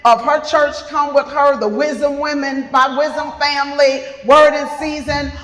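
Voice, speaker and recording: A woman's voice: high voice, fairly even intonation, normal speed, fairly bright tone. A middle-aged woman hosting a live podcast panel, introducing guests with effusive, repeated words of praise. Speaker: podcast host. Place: retreat event room with live audience. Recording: roomy hall with long reverb.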